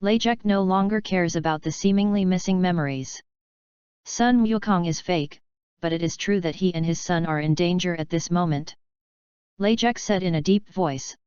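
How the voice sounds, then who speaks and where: A woman narrating a fanfiction audiobook in an even, steady reading. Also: on the low side, normal speed, smooth, no room sound, muffled recording.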